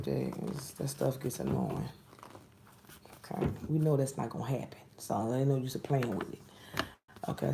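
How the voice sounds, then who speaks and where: A woman's voice: a bass voice, vocal fry, noisy background. A woman giving a casual tarot reading to camera, blunt and exasperated, often dropping into whispered asides. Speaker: tarot reader.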